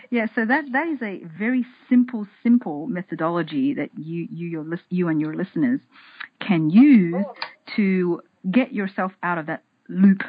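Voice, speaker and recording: Husky woman, dry lo-fi sound. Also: a little slow, dry recording. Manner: animated, acts out her inner voices in a higher tone; restarts and repeats words. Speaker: podcast guest, author. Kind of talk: casual interview talk.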